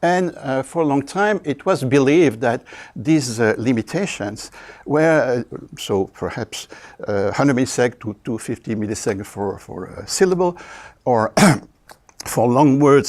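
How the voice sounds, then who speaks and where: An older man with a French accent, a linguistics professor giving a university video lecture, speaking haltingly with many fillers and frequent throat clearing. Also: mid-range voice, darkish tone. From France.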